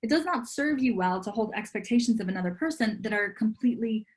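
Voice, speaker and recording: Woman in her 30s, dating coach on a podcast, kinda high voice, chatty and earnest, says like a lot. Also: expressive, quick pace. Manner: chatty, earnest, peppers speech with "like". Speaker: relationship and dating coach, guest. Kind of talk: casual podcast interview.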